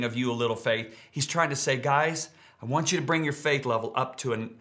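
A middle-aged pastor preaching a sermon, emphatic and repeating key words for stress. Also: male voice, medium pitch, sharp tone.

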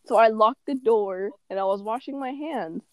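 Chatty woman host, higher voice, giggly storyteller, dry close recording. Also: normal speed, darkish tone, no room sound. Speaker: podcast host. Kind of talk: casual chat.

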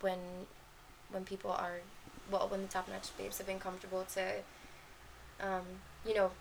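Chatty creaky-voiced woman. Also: medium pitch, completely flat delivery, normal speed, slight background noise. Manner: rambling, many fillers and restarts. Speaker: podcast co-host. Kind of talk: casual chat.

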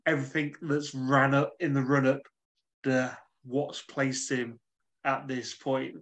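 A man co-hosting a casual podcast who explains a film plot in a measured way and repeats phrases as he goes. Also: medium pitch, little pitch movement, a bit bright, dull audio. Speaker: podcast co-host. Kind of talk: casual chat.

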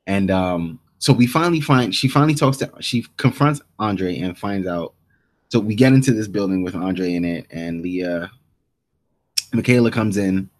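Talking at normal speed in a low voice, a podcast co-host rambles through a casual TV episode recap, walking through scenes, quoting lines and frequently restarting.

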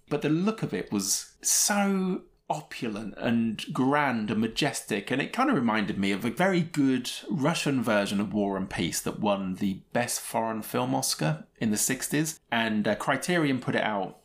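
A man's voice: medium pitch, very animated, moderate pace, hardly any pauses. Man, podcast co-host, chatty, opinionated, laughs a lot. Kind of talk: casual film review chat.

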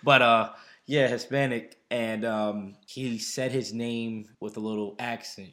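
A man co-hosting a casual podcast, explaining terms and telling stories in an animated way. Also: medium pitch, measured pace. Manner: animated storytelling, slips into quoted voices. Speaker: podcast co-host.

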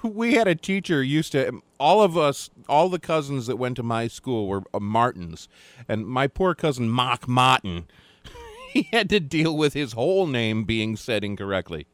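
A man's voice: medium pitch, animated, normal speed, no echo. A man, the show's producer, chiming in with casual, self-deprecating banter. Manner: self-deprecating, chatty interjections. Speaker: show producer and co-host.

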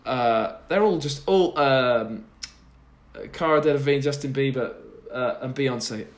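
A man's voice: mid-range voice, a little slow. A young man, a podcast guest, telling stories in a rambling, self-deprecating way with lots of restarts. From Britain. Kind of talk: casual chat.

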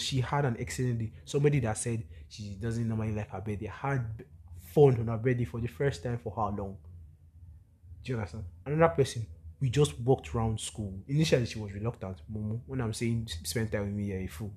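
Young guy ranting on his podcast, husky voice, keeps asking do you understand. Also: mid-range voice, brisk. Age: young adult. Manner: animated, preachy, rhetorical questions. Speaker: podcast host. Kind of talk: casual solo podcast monologue.

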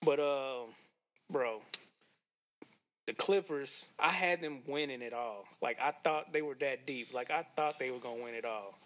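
A young man from the Kansas City area, a podcast guest in casual chat, laid-back and quick to laugh. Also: medium pitch, fairly bright tone. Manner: laid-back, laughs often, says bro a lot.

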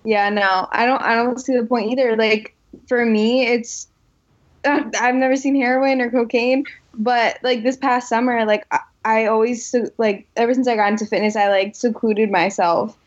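Young woman, fairly high voice, lively chatty storyteller, slightly muffled audio. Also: normal speed. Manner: animated storytelling with many likes. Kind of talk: casual chat.

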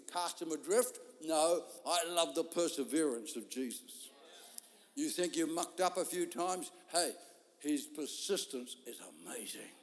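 Guy preaching in a big church, acts out the voices, echoes like a hall. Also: high-pitched. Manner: animated storytelling, acting out quoted voices. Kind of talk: sermon. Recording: long hall reverb.

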